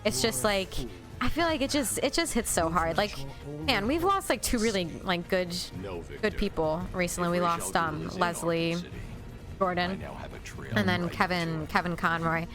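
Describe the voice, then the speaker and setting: A woman streamer chatting casually during a game stream, telling stories in a lively, talkative way. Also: on the low side, normal speed, music in the background. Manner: chatty storyteller who acts out quotes.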